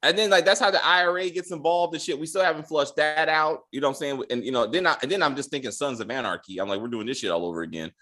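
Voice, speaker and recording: A man's voice: on the high side, fast talker, hardly any pauses. A man hosting a casual TV review chat, swearing freely and acting out lines from the show. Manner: animated, profane, acts out quotes. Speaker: podcast host.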